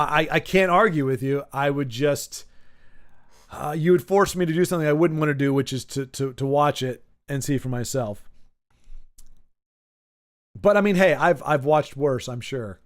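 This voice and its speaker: A man's voice: on the high side, smooth. Rambling, wry male streamer. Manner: rambling, with many restarts and stammered repeats; wry and sarcastic. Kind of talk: casual chat to stream viewers.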